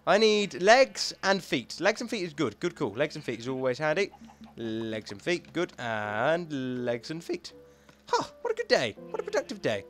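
Young guy rambling through a lets play, bouncy voice that swoops up and down, a bit high. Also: normal speed, faint music behind. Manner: chatty, thinks aloud, talks to himself; excitable, rambling. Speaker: gaming YouTuber. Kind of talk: let's play commentary.

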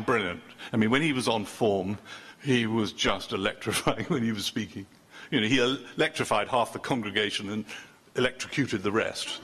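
An older man delivers a sermon in a bright, ringing voice. He talks loosely and conversationally, starting sentences over and joking with the people in front of him. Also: medium pitch, breathy edge. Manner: chatty, self-interrupting, joking with the congregation. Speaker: preacher.

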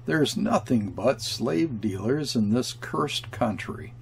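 A man voicing a brash, mocking European trading-post man who sneers and shouts. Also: medium pitch, expressive, takes it slowly, gravelly, a little hiss or hum. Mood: furious.

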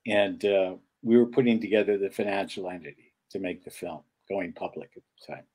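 Husky-voiced older man, halting storyteller. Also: low voice, fairly even intonation, a little mellow. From upstate New York. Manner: rambling, with many "uh" pauses. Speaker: guest filmmaker. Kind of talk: casual interview chat.

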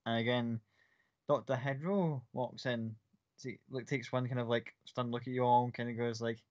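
A man's voice: medium pitch, steady tone, normal speed, no echo. Rambling male game master. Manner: rambling, with many fillers. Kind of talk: narrating a tabletop game. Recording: dry, slightly muffled.

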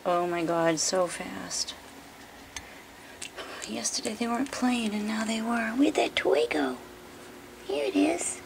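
A woman talking in high sing-song baby talk to her puppies at home, filmed on a handheld camera. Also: animated, unhurried, gravelly, long pauses, background noise. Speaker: dog owner filming her puppies.

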